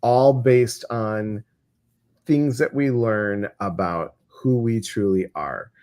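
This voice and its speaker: A man with a Midwestern American accent hosting a casual livestream chat, talking in an animated way with many fillers and restarts. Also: lowish voice, slow. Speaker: host.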